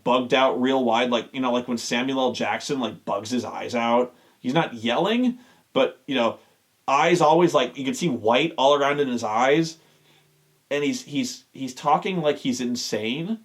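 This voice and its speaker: A man hosting a show, ranting with exasperation and heavy swearing. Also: medium pitch. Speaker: show host. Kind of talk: profane rant.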